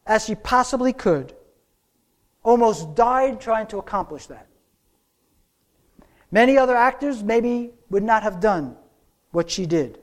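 A man preaching a sermon, telling a story with slow, dramatic pauses. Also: high voice, a little mellow.

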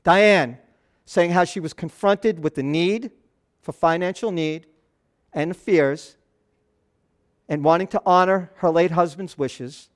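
A man with a nasal voice preaching a conversational sermon as pastor, earnest, with loose asides and restarts. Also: fairly high pitch.

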